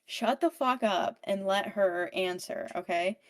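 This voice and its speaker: A woman's voice: mid-range voice, measured pace, close to an everyday voice. Grumpy monsters from under a bridge bark rude, bossy orders, as a woman puts them on in her own voice. They sound hostile and profane.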